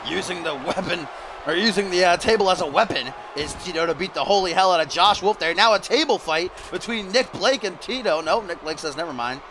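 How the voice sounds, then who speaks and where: A man's voice: high voice, lively intonation, brisk, noisy background. A man streaming live, doing playful mock-broadcast play-by-play commentary on a wrestling video game, with the odd swear.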